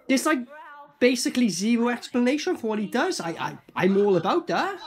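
Hosting a movie reaction, a man with a British accent chats casually about a horror film in a very high-pitched, fairly quick voice. He gets animated, curses, laughs, and echoes lines straight from the movie.

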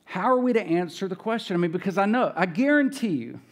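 A man's voice: high-pitched, lively intonation, fast. Conversational male pastor preaching a sermon. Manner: conversational, acts out voices of biblical characters. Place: church.

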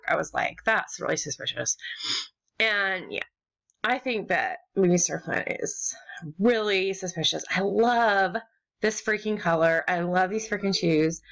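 A young American woman rambling and gushing as she opens gifts in an online game, with sudden squeals and low mutters. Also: expressive, a little slow, fairly bright tone. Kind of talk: casual gaming commentary.

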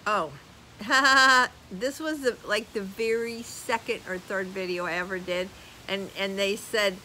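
An older woman vlogger chatting casually as she reads viewer comments aloud, animated and laughing often. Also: medium pitch, a little slow, a little hiss or hum, rough recording. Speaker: YouTube vlogger. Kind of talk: casual chat reading comments.

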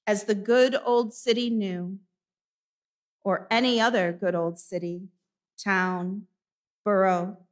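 A woman minister reading a lesson aloud in a church service, measured and dramatic. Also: medium pitch. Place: church sanctuary.

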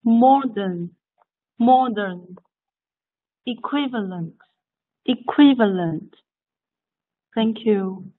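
A woman's voice: medium pitch, extremely slow, pauses often, husky. A woman student carefully repeating vocabulary words, each one twice, in an online pronunciation drill. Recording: tinny phone-like call audio.

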